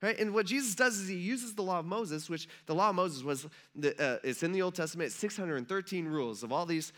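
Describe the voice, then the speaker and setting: A man's voice: high voice, animated, brisk, fairly bright tone. A young man preaching a sermon as pastor, retelling scripture in a casual, conversational way with frequent fillers.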